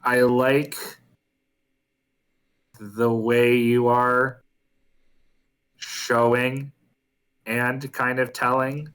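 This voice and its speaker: A man giving slow, hesitant feedback in a casual writers' chat, wandering off on tangents. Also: mid-range voice, a bit bright, clean tone. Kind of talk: casual group chat about writing.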